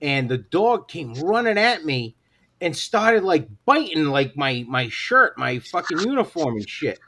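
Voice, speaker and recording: Comedy podcast co-host, high bright voice, lively loud storyteller, swears freely. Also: male voice, measured pace. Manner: animated storyteller, swears a lot, shouts at punchlines. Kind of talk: casual comedy podcast chat.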